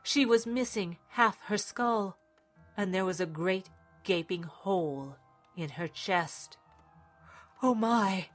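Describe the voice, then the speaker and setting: Measured woman narrating fiction dramatically, mid-pitched, soft music under. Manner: dramatic storytelling reading. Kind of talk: scripted audiobook narration.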